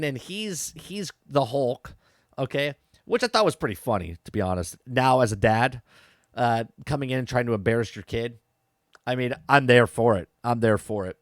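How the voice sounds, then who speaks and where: Casual male podcaster, mid-pitch, chatty recap with restarts, dry close mic. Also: no echo. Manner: chatty, repeats words and restarts, frequent "okay?" and "right?" asides. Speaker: podcast host reviewing a TV episode.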